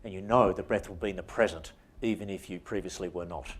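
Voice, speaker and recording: A man's voice: low-pitched, quick pace, breathy edge. A man with an Australian accent giving an interactive workshop presentation to a conference audience, often putting questions to the room.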